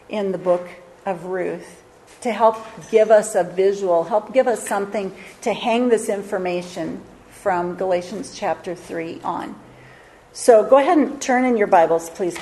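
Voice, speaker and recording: A woman's voice: mid-range voice, warm tone, slight background noise, low-quality recording. A woman giving a sermon, retelling a Bible story in a casual, conversational way with occasional fillers and reading scripture aloud. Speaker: Bible teacher.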